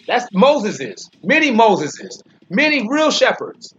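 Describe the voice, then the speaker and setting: A man giving an informal Bible commentary, speaking emphatically, repeating and restarting phrases, and slowing down when he reads verses. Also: very high voice, sing-song, a bit bright, slight background noise. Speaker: Bible teacher. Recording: dull lo-fi recording with faint music.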